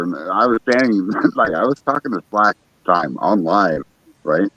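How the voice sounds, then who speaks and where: A man's voice: low voice, lively intonation, moderate pace, fairly bright tone, no echo, lo-fi sound. A man hosting a casual livestream, telling a profane story about his backyard and acting out what other people said. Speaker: livestream host. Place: outdoors in his backyard at night.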